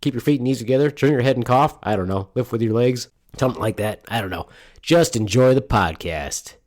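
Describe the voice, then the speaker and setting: A man's voice: mid-range voice, a little fast, darkish tone. A middle-aged man from Michigan hosting a casual podcast, rambling and joking with plenty of swearing. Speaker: podcast host. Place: home studio.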